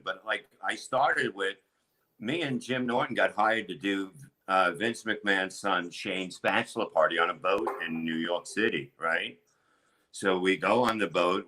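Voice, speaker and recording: A middle-aged man, a comedian, telling crude stories in a rambling, animated way with lots of restarts. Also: deep voice, rough recording. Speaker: comedian guest. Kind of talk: casual storytelling chat.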